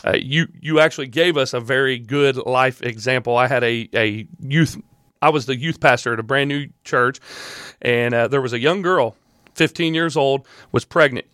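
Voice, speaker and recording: A man's voice: mid-range voice, normal speed, a bit bright, clear, resonant tone, no echo. Dry-voiced storytelling host, a man. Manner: storytelling, pressing with questions. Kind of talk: confrontational interview.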